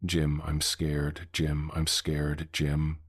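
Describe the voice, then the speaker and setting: A man's voice: very deep voice, drawn-out words, breathy edge, no room sound, studio quality, full character voice. A man voicing a hollow mimicking monster. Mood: hollow mimicry. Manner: soft, hollow, eerily calm. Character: hollow mimicking monster, copies human voices.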